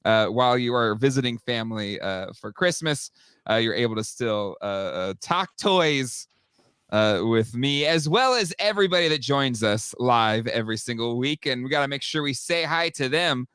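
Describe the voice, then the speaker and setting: A man hosting a live toy talk show, upbeat and chatty, with quick fillers and laughs. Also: medium pitch, animated, fairly bright tone, clear, resonant tone, no room sound, clean studio sound. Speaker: host.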